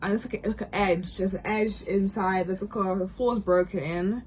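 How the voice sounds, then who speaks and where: A young woman in casual chat, rambling through a game recap with lots of fillers and quick asides. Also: medium pitch, steady tone, a little mellow, a little hiss or hum. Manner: rambling, full of fillers and acted quotes. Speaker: gaming vlogger recapping a game.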